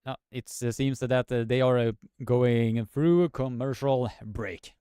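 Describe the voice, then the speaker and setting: A man hosting a live stream, commentating and chatting with viewers in a halting, filler-heavy way. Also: medium pitch, mellow, clear, resonant tone, no echo, studio quality.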